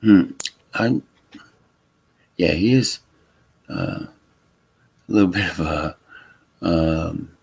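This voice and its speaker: Low-voiced louisiana guy hosting a stream, lots of ums and restarts. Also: gravelly, darkish tone, breathy edge. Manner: halting, lots of fillers and restarts. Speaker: livestream host. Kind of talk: casual chat. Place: Texas home.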